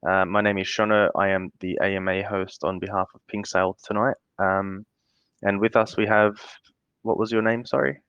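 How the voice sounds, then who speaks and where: A man's voice: fairly low pitch, steady tone, moderate pace, fairly bright tone, clear, resonant tone, dry recording. An Australian man hosting a live online Q&A over a video call, laid-back and chatty. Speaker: AMA host. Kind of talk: casual live-stream Q&A hosting. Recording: dull lo-fi video call audio.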